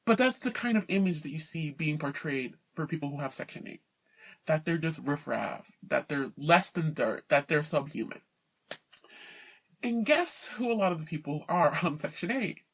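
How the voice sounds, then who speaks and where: A woman's voice: sits low, animated, normal speed, breathy edge. A woman giving an indignant, emphatic personal rant to camera, worn out and mocking the people she talks about. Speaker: vlogger.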